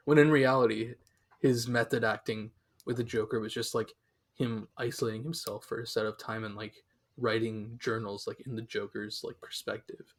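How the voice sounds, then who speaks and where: Young man, podcast co-host, casual rambling chat, lots of fillers, mid pitch. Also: fairly even intonation, moderate pace. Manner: rambling, filler-heavy, many restarts.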